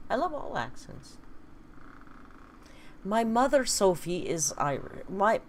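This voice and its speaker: A woman's voice: mid-range voice, very animated, slow pace, a little hiss or hum. Chatty woman on a livestream. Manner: chatty, wry, reads viewer comments aloud. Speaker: livestream host. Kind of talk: casual livestream chat, reading comments. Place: home, indoors.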